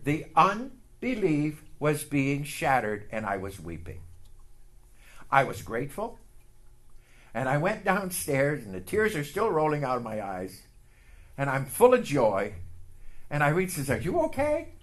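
Animated bright-voiced male preacher. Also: fairly high pitch, unhurried, long pauses. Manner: emotional, building to shouts, leads call-and-response. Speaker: pastor. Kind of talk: sermon with testimony.

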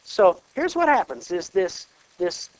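A man's voice: high-pitched, unhurried, no echo, highs cut off. A man from Kansas preaching a sermon, often checking in with his listeners through rhetorical questions. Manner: animated, peppered with rhetorical check-ins.

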